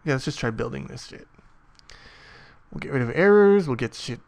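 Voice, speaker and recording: A man's voice: mid-range voice, lively intonation, normal speed, creaky, a little mellow. A man narrating a casual coding tutorial as he types, muttering, swearing often and mocking himself. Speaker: programming tutor.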